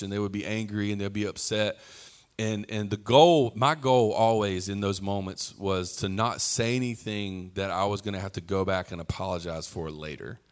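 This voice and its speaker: A man preaching a sermon in a relaxed, conversational way, slipping into playful acted-out asides. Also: lowish voice.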